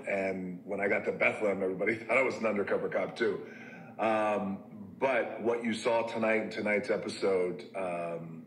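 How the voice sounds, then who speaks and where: Deep-voiced man recounting his past candidly, loose and halting, in an echoey room. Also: slight background noise. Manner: candid, conversational, lots of fillers and restarts, drops soft at reflective moments. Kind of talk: personal storytelling.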